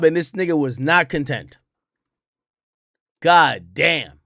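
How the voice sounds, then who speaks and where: A man's voice: on the high side, takes it slowly, gravelly, no room sound, clean studio sound. Hyped-up man reacting on stream. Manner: animated, profane, hyped-up. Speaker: streamer host. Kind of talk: live reaction commentary.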